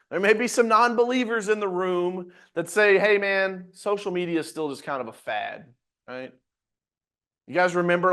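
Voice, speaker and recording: High, lively-voiced energetic sales coach. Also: male voice. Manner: energetic, emphatic, slangy, addresses audience directly. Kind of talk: live webinar teaching.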